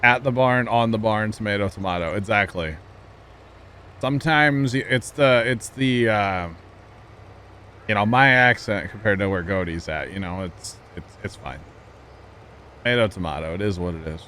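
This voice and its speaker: A laid-back man chats through a live gameplay stream, talking easily to his viewers and fellow players. His voice sits fairly low. A faint hiss runs underneath. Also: normal speed, bright, forceful tone. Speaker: livestreamer.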